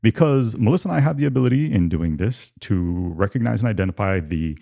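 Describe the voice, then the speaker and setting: A man's voice: lowish voice, animated, brisk, gravelly, warm tone. A man co-hosting a casual podcast, making his points emphatically with rhetorical questions and repeated words. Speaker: podcast co-host.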